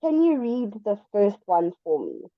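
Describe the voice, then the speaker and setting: A woman's voice: mid-range voice, wildly swooping pitch, measured pace, no room sound, muffled recording. A woman tutoring English one-on-one over a video call, explaining patiently with examples. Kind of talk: one-on-one online English lesson.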